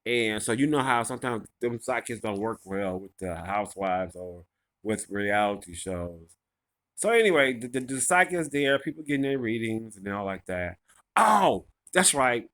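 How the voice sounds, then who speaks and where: A man's voice: on the low side, lively intonation, moderate pace, fairly bright tone. A man casually recapping a reality show episode, rambling and gossipy, full of fillers and restarts.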